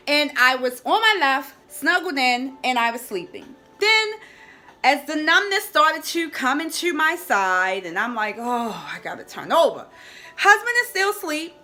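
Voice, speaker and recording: Lively, bright-voiced woman telling a story. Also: high voice. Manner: expressive storyteller, speaks to listeners as "y'all". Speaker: health coach. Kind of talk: personal storytelling to camera.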